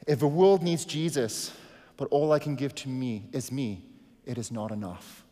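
A man's voice: medium pitch, normal speed. Earnest male pastor in a reverberant hall. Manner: earnest, shifts from hushed to emphatic. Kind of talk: sermon.

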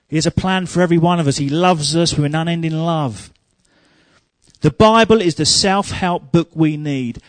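A man preaching a sermon, telling humorous stories and growing loud and emphatic. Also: a little high, normal speed, no room sound.

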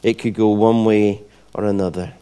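Mellow-voiced man preaching a sermon. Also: lowish voice, normal speed, smooth. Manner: animated retelling with voiced asides and restarts. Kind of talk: sermon storytelling.

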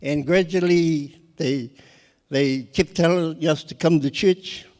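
Middle-aged kiwi guy telling his story, bit high voice, laughs a lot, echoey hall. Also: takes it slowly. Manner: lively, laughs often while telling. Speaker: guest sharing his testimony. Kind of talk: personal storytelling.

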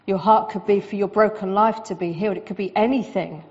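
Woman, sermon, conversational preacher, mid pitch, dull lo-fi sound. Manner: lively, conversational preaching with quick asides.

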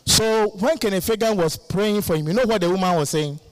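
A male guest preacher giving a lively sermon, laughing often and calling out to the congregation for responses. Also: high voice, brisk, smooth, no room sound.

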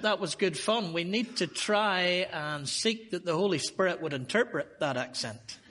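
A Northern Irish man preaches as a visiting speaker, his voice high and bright with a forceful edge. He talks to the congregation in a chatty, humorous way before settling into his sermon. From Northern Ireland. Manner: humorous, chatty opening asides. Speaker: guest preacher.

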